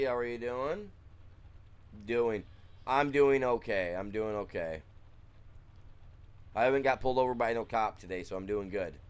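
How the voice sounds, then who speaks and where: A man's voice: mid-range voice, clean tone. A man streaming a game from his room at home, chatting casually and rambling, trailing off and restarting, with chuckles. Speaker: gaming streamer. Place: room at home with blacked-out windows.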